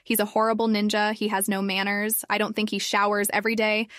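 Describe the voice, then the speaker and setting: A woman's voice: mid-range voice, completely flat delivery, fairly quick, fairly bright tone, no echo, studio quality, close to an everyday voice. A woman voicing an upset, blunt teenage girl who talks in whiny, exasperated outbursts.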